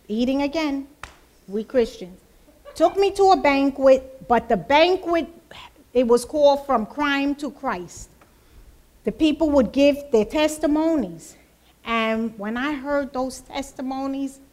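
Woman, church testimony speaker; high voice, lively storyteller who plays out the dialogue. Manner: lively, acts out quoted dialogue.

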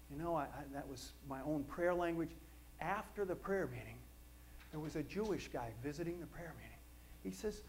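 Man preaching, very high voice, swings up and down a lot, joking storyteller, middle-aged. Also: a little fast, a little hiss or hum. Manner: animated storytelling with asides and jokes. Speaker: pastor. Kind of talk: sermon.

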